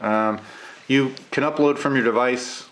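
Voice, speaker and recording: A man getting over a cold, with a gravelly voice, chatting casually through a camera unboxing and review, with lots of filler "uh"s. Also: mid-range voice, a little slow. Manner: relaxed, chatty, many filler "uh"s.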